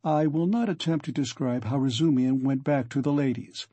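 A man reading a classic novel aloud as an audiobook narrator, in a measured, even way. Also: mid-range voice, dry recording. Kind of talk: scripted narration.

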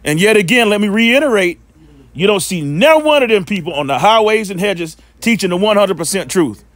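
A man with a high voice preaches in a loose, scornful way, repeating himself and stumbling as he goes. His pitch swings widely from line to line. He stops now and then to read scripture aloud. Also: lively intonation, brisk, a bit bright, no room sound. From Western North Carolina. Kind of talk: informal preaching and scripture reading.

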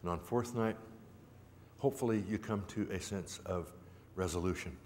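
A man with a fairly low voice gives a public talk in a lecture hall, leaning on rhythmic repetition and a folksy, gently humorous touch. His words carry a long hall reverb over a faint background noise. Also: normal speed. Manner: rhythmic, repetitive storytelling cadence. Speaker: symposium speaker.

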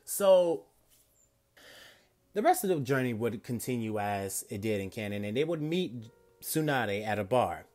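A man's voice: medium pitch, expressive, a little slow, a little mellow, faint music behind. Rambling male fan-fiction storyteller. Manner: rambling, self-correcting. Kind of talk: casual improvised fan-fiction narration.

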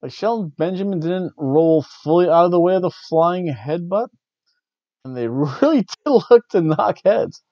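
A man's voice: sits high, lively intonation, a little slow, warm tone, no room sound, muffled recording. A man hosting a wrestling review show, rambling in casual chat with wry, jokey asides. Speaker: wrestling review podcast host.

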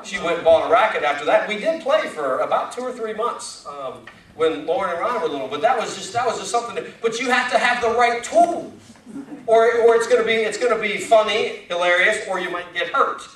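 Male pastor, high voice, chatty sermon style, echoey sanctuary recording. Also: lively intonation, brisk, a bit bright. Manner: conversational, folksy, with rising emphatic questions. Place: church sanctuary. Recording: echoey church from far off.

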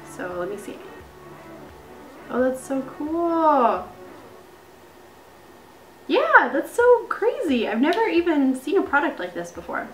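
A young woman vlogger chatting casually as she unboxes beauty gifts, gushing and excited. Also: mid-range voice. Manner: bubbly, gushing, lots of "like" and "so cool". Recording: echoey room with faint music.

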